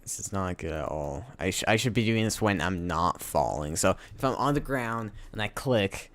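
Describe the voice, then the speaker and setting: A man live-streaming his game development, thinking aloud in halting, self-correcting casual talk while sounding sleepy. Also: deep voice, expressive, a bit bright. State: sleepy, yawning.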